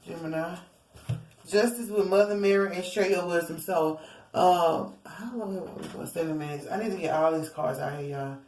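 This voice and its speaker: A woman's voice: on the low side, moderate pace, darkish tone, a little hiss or hum. A woman giving a casual tarot reading to her viewers, rambling and theatrical, often calling them y'all. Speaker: tarot reader. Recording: roomy echo, distant from mic.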